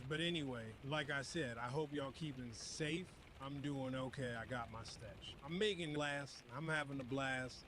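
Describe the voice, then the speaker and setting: A man's voice: medium pitch, moderate pace, few pauses, a crowd in the background, lightly acted. A man voicing a brash, crude American radio DJ with boisterous, slangy, profane patter. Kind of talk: comedic radio DJ monologue.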